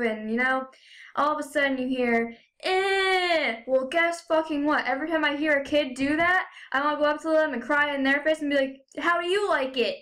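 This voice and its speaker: A young woman with a high voice delivers a sarcastic, profanity-laced rant to her camera. She talks casually, padding her sentences with "you know" and "like.". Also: a bit bright. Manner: frequent fillers like "you know" and "like". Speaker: vlogger. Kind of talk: ranting casual vlog.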